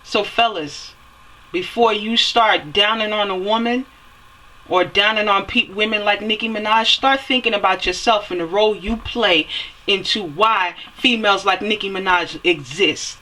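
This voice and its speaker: A woman giving a fiery, preachy opinion rant, repeating phrases for emphasis and swearing as she climbs to near-yelling. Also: medium pitch, moderate pace, poor audio. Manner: swears and rises to near-yelling when heated. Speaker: vlogger.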